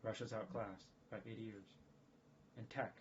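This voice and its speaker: A man's voice: on the low side, steady tone, normal speed, a little hiss or hum. Profane, rambling man on a livestream. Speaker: streamer. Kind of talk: casual livestream monologue. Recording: dull lo-fi stream audio.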